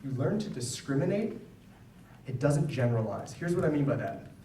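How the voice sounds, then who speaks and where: A man's voice: medium pitch, very animated, moderate pace, mellow, a little hiss or hum. A man, a psychologist, giving a conversational talk to parents at a school, often checking in with the audience. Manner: conversational, frequent "right?" check-ins. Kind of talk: lecture to an audience. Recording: echoey hall, voice from far off.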